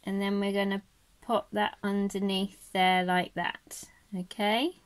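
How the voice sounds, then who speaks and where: A woman giving a casual craft lesson, chatty and gentle, rambling and correcting herself as she goes. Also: medium pitch, flat delivery, slow, clear, resonant tone. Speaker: craft teacher. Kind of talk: casual how-to tutorial.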